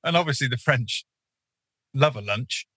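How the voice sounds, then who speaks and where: Man, podcast co-host, bright voice, dry close sound, chatty rambling storyteller. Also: mid-range voice, animated, moderate pace, breathy edge, dry recording, poor audio. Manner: rambling storyteller, many fillers and restarts. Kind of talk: casual chat.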